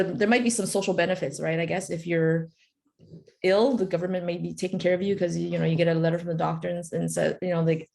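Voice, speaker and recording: A woman with a creaky voice on the low side shares casual stories on a webinar video call. It's motivational storytelling, chatty and packed with fillers.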